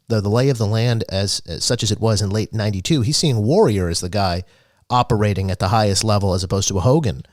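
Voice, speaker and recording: A man's voice: on the low side, no room sound, clean studio sound. A man co-hosting a podcast, explaining the history at length with frequent restarts. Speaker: podcast co-host. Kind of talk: podcast commentary.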